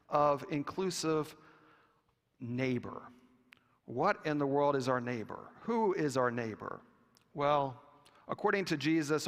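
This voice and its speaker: A man preaching a sermon with a slow, deliberate delivery and long pauses. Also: fairly high pitch, a bit bright. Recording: long reverb of a church hall.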